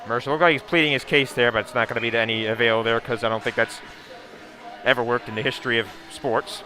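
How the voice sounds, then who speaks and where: Bright-voiced hockey play-by-play man. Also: medium pitch, quick pace. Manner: steady running call with asides and sponsor plugs. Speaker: play-by-play commentator. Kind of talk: live hockey play-by-play commentary.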